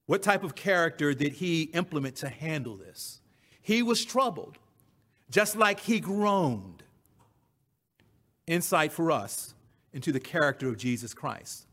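Male preacher, high-pitched, emphatic and repetitive sermon delivery. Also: a bit bright. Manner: emphatic repetition of key phrases. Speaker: pastor.

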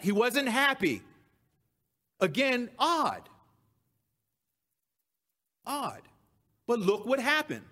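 High-voiced man preaching a sermon. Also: bright, forceful tone. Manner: emphatic, repeats key phrases for stress, reads scripture aloud.

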